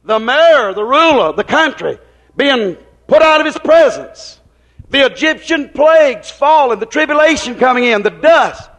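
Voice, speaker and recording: A male preacher with a strikingly high-pitched voice delivers a rambling, folksy sermon. He keeps asking his listeners whether they understand him and slips into retold conversations. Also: fairly bright tone. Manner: folksy, rambling, drops into quoted dialogue; questions the congregation often.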